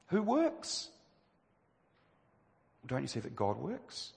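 A man's voice: mid-range voice, huge pitch swings, takes it slowly, gravelly, long pauses, a little mellow. A man preaching a sermon, emphatic and full of rhetorical questions. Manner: emphatic, rhetorical questions, rising to stress key phrases. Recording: long reverb of a church hall.

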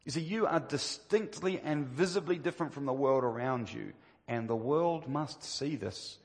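A medium-pitched man at a moderate pace preaches forcefully, asking rhetorical question after rhetorical question. He rises in pitch on key phrases, and the long reverb of a church hall surrounds the recording.

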